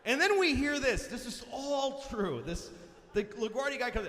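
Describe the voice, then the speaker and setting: A man performing stand-up comedy on a live stage, telling a profane, animated story that rises to shouts. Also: very high voice, moderate pace. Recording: roomy hall reverb, faint noise.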